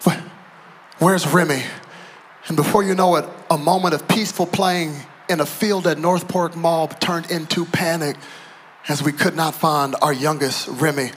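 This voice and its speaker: A middle-aged male pastor preaching a sermon to a church audience, moving between quiet storytelling and shouted, emphatic preaching. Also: on the high side, fairly even intonation, moderate pace, a little hiss or hum. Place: church auditorium.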